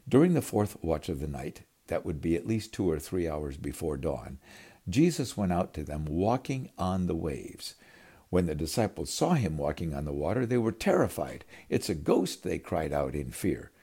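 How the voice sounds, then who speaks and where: A man delivers a storytelling sermon in a very low, husky, mellow voice. His pitch swings widely as he dramatizes the scenes. He speaks to his listeners as his friends. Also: very animated, normal speed. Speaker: preacher.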